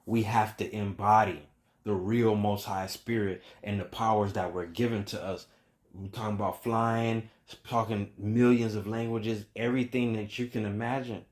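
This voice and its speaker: A man giving an emphatic preaching monologue as a spiritual teacher. He builds his points through repeated refrains and swings between raised, loud stretches and hushed ones. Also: on the low side, fairly even intonation, normal speed.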